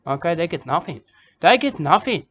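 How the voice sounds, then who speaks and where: Comic bushman poet, self-important and repetitive, raised pitch, put on by a man. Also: very animated, moderate pace, highs cut off, background noise. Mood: rambling. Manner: rambling, repetitive, ends lines with "okay?" and "mate". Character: rambling self-important male Australian bush poet. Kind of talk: comic character monologue.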